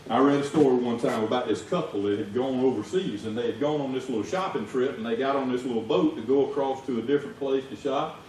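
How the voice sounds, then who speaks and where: Heard from a distance in an echoey church sanctuary, a Southern US man preaches as a lay preacher at medium pitch and a quick pace, with slight background noise. He keeps things folksy and conversational but breaks into shouts when telling stories.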